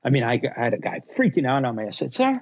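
Gravelly, husky man telling blunt stories. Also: mid-range voice, racing, no room sound, dull audio. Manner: blunt, animated storyteller acting out customers. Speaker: guest, luggage company owner. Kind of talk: casual podcast interview.

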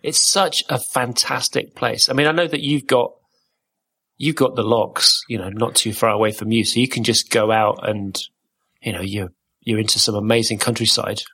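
Man from Wales, husky podcast host, playful and rambling. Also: on the low side, fairly even intonation, moderate pace, sharp tone. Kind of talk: casual chat.

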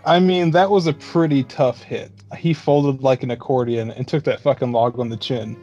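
A man's voice: mid-range voice, steady tone, moderate pace, warm tone, highs cut off, soft background music. A man chatting casually about a movie, joking and swearing as he reacts. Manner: laughing, profane banter.

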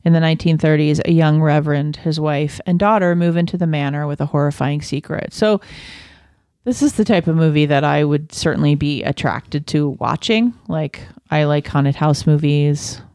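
A woman co-hosting a casual movie review chat, relaxed and conversational with frequent fillers. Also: deep voice, moderate pace, smooth, no room sound, studio quality.

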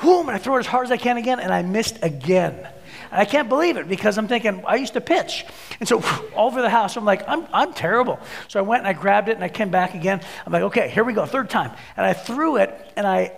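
A man in his forties delivers a sermon, spinning a personal story with animated, acted-out energy. His voice sits high for a man and carries a gravelly edge. The sound rings with long reverb, as in a large hall. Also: a little fast, slight background noise. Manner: animated storyteller, acts out his own shouts. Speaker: pastor.

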